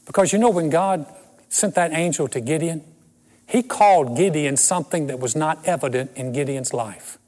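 A man's voice: a little high, normal speed, darkish tone, in a large hall. A man in his sixties preaching a sermon and telling personal stories with self-deprecating humor. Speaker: pastor.

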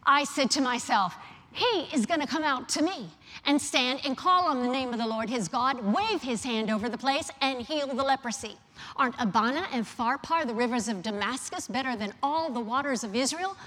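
A woman's voice: sits high, expressive, moderate pace, a bit bright. A woman acting out a proud male army commander ranting indignantly. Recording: long reverb of a large hall.

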